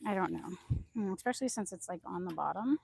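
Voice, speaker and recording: A woman chatting casually on a phone live stream while walking through her backyard garden, rambling loosely and calling out high to her chickens. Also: lively intonation, fast talker, vocal fry, darkish tone, slightly rough. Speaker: vlogger. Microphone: phone held in hand.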